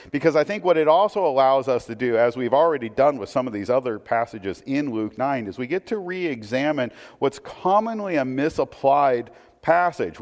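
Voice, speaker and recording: A pastor giving a sermon, reading scripture aloud and then commenting on it in a conversational way. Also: male voice, medium pitch, darkish tone, big-room sound.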